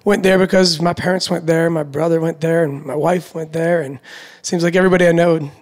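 A man in his thirties, from Florida, a guest in a casual interview, telling his story in a relaxed way with many fillers. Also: fairly high pitch, fairly quick. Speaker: guest, roller dealer.

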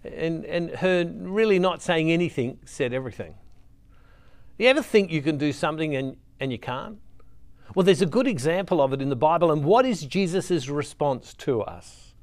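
A middle-aged Catholic speaker gives an earnest, conversational devotional talk, repeating words and phrases to stress his points. His voice is on the high side and animated, at a moderate pace.

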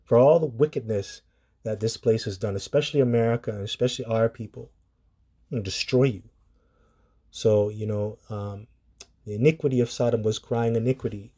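A man's voice: fairly low pitch, moderate pace, mellow, slightly rough. A man giving an informal sermon in a rambling, preachy way, with filler words and casual swearing.

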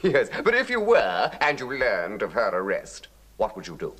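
An actor playing a self-satisfied army captain who talks in a bossy, pompous way. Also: male voice, fairly low pitch, huge pitch swings, normal speed, a bit bright, exaggerated voice. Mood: smug.

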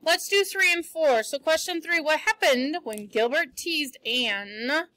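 A woman teacher reading a novel aloud to her class, then chatting briskly and teasingly about questions. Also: high-pitched, pushed and bright, no room sound, rough recording.

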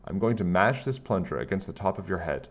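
A man's voice: deep voice, lively intonation, muffled recording. A man doing a bold, commanding custodian heroine. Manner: brisk, commanding, self-assured. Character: bold eccentric woman school custodian hero.

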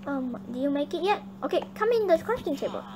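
Girl, child, high voice, excitable, bossy, gameplay chat, noisy background. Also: fast talker. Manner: excitable, chatty, bossy toward her partner. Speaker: gaming channel host. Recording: noisy home recording.

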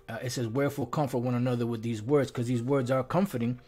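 A man's voice: medium pitch, fairly even intonation, quick pace, hardly any pauses, darkish tone, soft background music. Conversational male Bible teacher. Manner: loose and conversational, heavy on "you know" and "um"; turns emphatic and preachy when driving points home. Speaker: Bible teacher leading a live lesson. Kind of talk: informal scripture lesson, reading verses aloud.

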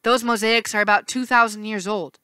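A woman's voice: medium pitch, fairly even intonation, normal speed, bright, forceful tone, smooth, no room sound, close to an everyday voice. A woman voicing a clever teenage girl who leads the group in a firm, matter-of-fact way. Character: brainy teenage girl leader, brisk and sure.

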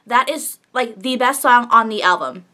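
A woman's voice: fairly high pitch, expressive, moderate pace, sharp tone. A young woman gushing and exclaiming as she reacts to an album, swearing often as she talks. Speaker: music reaction vlogger. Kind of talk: excited music reaction. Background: faint pop music playing.

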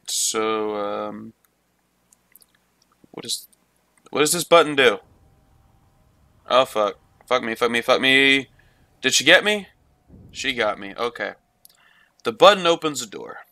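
Man, let's play commentary, swears a lot, talks to himself, sharp bright voice, dry sound. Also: mid-range voice, clear, resonant tone, dry recording. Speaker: gamer.

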